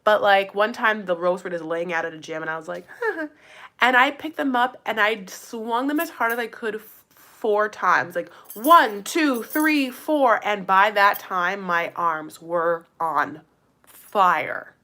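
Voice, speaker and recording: A recap vlogger, a woman with a mid-range, bright, forceful voice, speaks at a slow pace. She recaps a reality show in casual, gossipy chatter packed with "like" fillers and playful asides. She talks straight to her viewers, calling them "you guys" and "honey."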